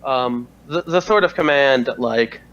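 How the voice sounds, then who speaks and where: A man's voice: mid-range voice, unhurried, a bit bright, lo-fi sound. A man narrating as game master of a tabletop game, hesitant and full of fillers.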